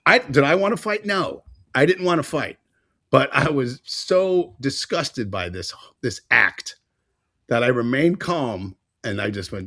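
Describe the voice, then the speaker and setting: A man hosting a podcast, telling stories in a casual, animated way and acting out what people said. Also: mid-range voice, a little slow, no room sound, studio quality. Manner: animated storyteller, acts out quotes. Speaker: podcast host.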